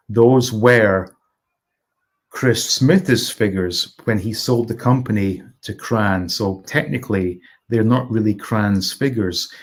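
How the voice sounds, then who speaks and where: With a fairly low pitch, a middle-aged Scottish man hosts a casual live stream. He reads viewer comments aloud and greets chatters by name.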